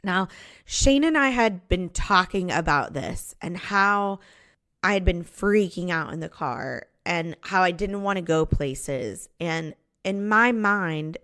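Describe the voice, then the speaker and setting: A woman's voice: fairly low pitch, a bit bright, no echo, studio quality. A woman, a podcast host candidly telling her own story, with a few restarts. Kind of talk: personal storytelling.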